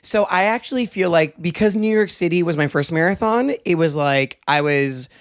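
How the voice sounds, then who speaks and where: A man's voice: fairly high pitch, normal speed, clear, resonant tone. A young man co-hosting a podcast, telling a story in a casual, rambling way full of "like". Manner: rambling storytelling with many likes. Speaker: podcast co-host. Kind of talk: casual chat.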